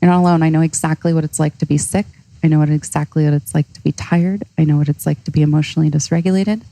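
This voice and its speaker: A woman's voice: low-pitched, fairly even intonation, quick pace, mellow, poor audio. An earnest, heartfelt woman, a coach, speaking as a podcast guest. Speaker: guest, cold-exposure coach. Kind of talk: podcast interview.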